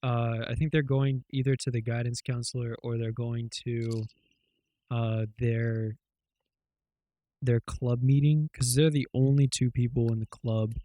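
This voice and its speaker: A man's voice: mid-range voice, flat delivery, unhurried, warm tone, dry recording. Give me a man in casual podcast chat, rambling with filler words, recorded dry and close. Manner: rambling, loose retelling full of fillers and swearing. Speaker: podcast co-host.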